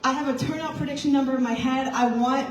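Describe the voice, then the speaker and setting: A tired party chair who has had little sleep talks casually to a crowd in a large indoor meeting room, rambling, mocking herself, and laughing between thoughts. Her voice sits high with fairly even intonation and comes fast, heard from far off in an echoey hall with a little hiss or hum.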